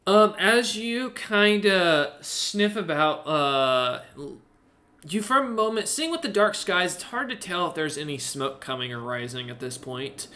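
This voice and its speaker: A man's voice: sits high, animated, a little slow, sharp tone. A man narrating as game master of a tabletop game, rambling with many fillers and self-corrections.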